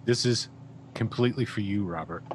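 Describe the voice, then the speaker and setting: A man talks casually as a player at a tabletop game. His voice sits a bit low, with a faint hum in the background. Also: normal speed.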